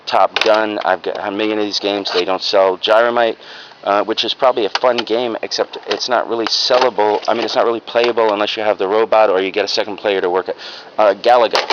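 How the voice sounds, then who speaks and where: A reseller vlogger with a lowish, somewhat bright voice casually shows off his secondhand finds in a show-and-tell haul video. He's rambling and frank, full of ums and uhs, and the lo-fi home recording has clear background noise.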